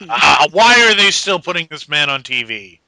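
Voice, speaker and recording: A man's voice: on the high side, sing-song, normal speed, sharp tone. A man co-hosting a podcast, making curt, dismissive remarks in casual chat. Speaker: podcast co-host.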